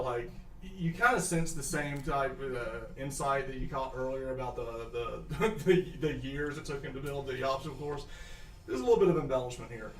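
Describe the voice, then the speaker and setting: A man, narrating a tabletop game as game master in an excitable, animated way. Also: medium pitch, roomy sound, recorded from a distance, a little hiss or hum. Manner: animated, excitable, quick asides.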